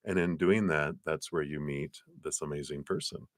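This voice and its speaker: A very deep-voiced man gives a relaxed, chatty live tarot reading, laughing easily and reading card texts aloud. His voice sits close and dry on the mic, with hardly any room sound. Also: moderate pace, dry recording.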